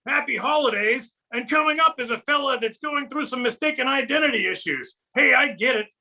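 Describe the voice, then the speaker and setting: A man voicing a brash puppet comedian who tells holiday puns and shouts his punchlines. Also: extremely high pitch, a little fast, full character voice.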